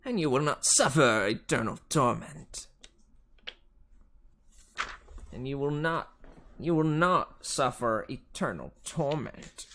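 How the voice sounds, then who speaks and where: A menacing female Fury with a put-on Southern drawl, as a man reading aloud puts her on. She hisses her threats in a raised voice, stretching every word out slowly. The timbre sounds pinched and unlike a plain reading voice. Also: mid-range voice, lively intonation, pushed and bright, pitched above the performer's own voice. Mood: hissing. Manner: slow, drawn-out threats. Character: menacing female Fury, hissing demon ex-teacher. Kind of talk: read-aloud storybook voice.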